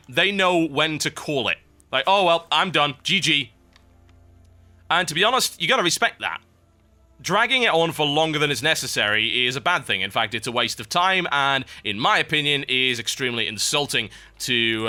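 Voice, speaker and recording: A young British man casting a strategy game match with brisk, wry play-by-play and chatty asides. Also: a little high, pushed and bright. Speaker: esports caster. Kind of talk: live game commentary.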